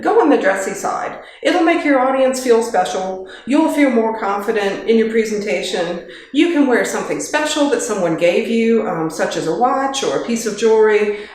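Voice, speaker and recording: A woman gives a casual workplace training talk, practical and chatty, with light joking asides. She speaks into a handheld microphone. Her voice rings around a very echoey kitchen. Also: medium pitch.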